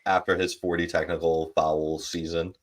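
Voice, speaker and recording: Low voiced guy cohosting a sports podcast, jokey storyteller. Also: flat delivery, normal speed. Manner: storytelling, joking asides. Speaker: podcast co-host. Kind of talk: casual sports debate chat.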